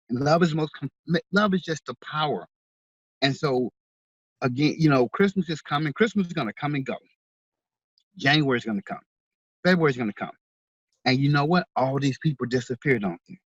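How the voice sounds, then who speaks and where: A man with a slightly high, husky voice is being interviewed; he's an author who also organizes a charity for veterans. Heartfelt and earnest, he tends to repeat his words. There's no echo, and the sound is lo-fi.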